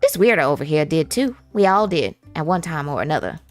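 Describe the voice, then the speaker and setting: A woman's voice: low-pitched, big pitch swings, fairly quick, faint music behind. A woman voicing a chatty, laid-back retired old Southern woman with a put-on Southern drawl and a doting, folksy manner. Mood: folksy advice.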